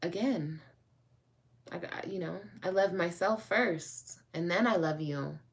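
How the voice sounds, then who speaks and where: A woman's voice: fairly low pitch, slow, creaky. A woman vlogger chatting casually with her viewers and answering their comments, frank and rambling, and calling them babe and girl. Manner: rambling, with restarts.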